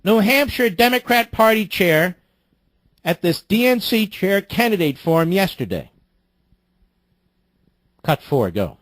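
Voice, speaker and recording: A man hosting political talk radio from a studio mic, indignant and mocking, cutting in with sharp outbursts. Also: high-pitched, very animated, a little slow, pauses often, no room sound. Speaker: radio talk show host. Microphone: studio microphone.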